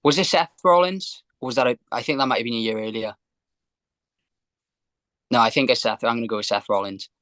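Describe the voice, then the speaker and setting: A man's voice: medium pitch, fairly quick, long pauses, fairly bright tone, no room sound. A man who is a guest on a casual podcast, hesitantly thinking aloud as he answers quiz questions.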